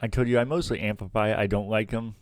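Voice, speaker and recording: A man's voice: on the low side, fairly even intonation, fast talker, no room sound. A man co-hosting a casual podcast, making dry, teasing one-liners. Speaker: podcast co-host. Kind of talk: casual chat.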